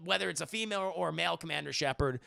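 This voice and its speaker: A man chatting casually on a livestream, swearing freely and loudly imitating game lines. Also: on the high side, very fast, gravelly, no room sound, studio quality. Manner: profane, animated, quoting game lines in loud voices. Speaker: streamer answering viewer questions.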